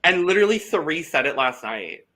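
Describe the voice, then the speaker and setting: A man chatting as a podcast co-host, gossipy and full of energy. His voice is bright and sits a bit high, and he swears freely. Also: sing-song, a little fast. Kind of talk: casual chat.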